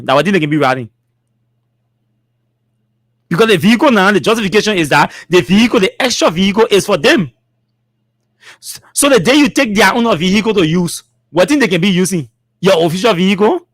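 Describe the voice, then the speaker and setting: A man's voice: high voice, expressive, fairly quick, no echo, clean studio sound. A man with a Liberian English accent hosting a talk show, reading out social media comments with mocking asides and laughter. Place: studio.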